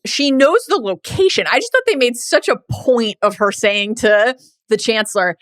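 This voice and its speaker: A woman co-hosting a podcast, talking through films in a playful, animated way. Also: on the high side, normal speed, no echo, clean studio sound. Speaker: podcast co-host. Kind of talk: casual film discussion.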